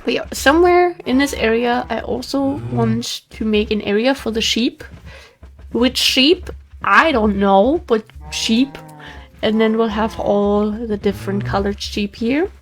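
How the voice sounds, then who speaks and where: A woman's voice: on the high side, unhurried. A woman casually talking through her game as the host of a let's play, chatting to the animals on screen. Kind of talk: casual gameplay commentary.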